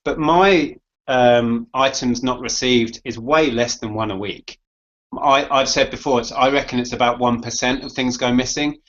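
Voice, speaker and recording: A man co-hosting a casual chat, reading out viewer questions and explaining his own approach in a steady way. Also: mid-range voice, moderate pace. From United Kingdom. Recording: dull lo-fi audio.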